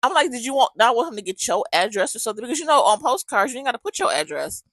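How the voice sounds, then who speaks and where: A woman's voice: a little high, very animated, rapid-fire, fairly bright tone, dry recording, rough recording. A woman podcast host, telling a friend's story in casual chat and acting out both sides of the conversation.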